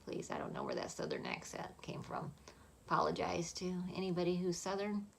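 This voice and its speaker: Woman, lowish voice, soft and chatty, half-whispering, makeup tutorial. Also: wildly swooping pitch, brisk, gravelly, a little hiss or hum. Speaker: makeup vlogger.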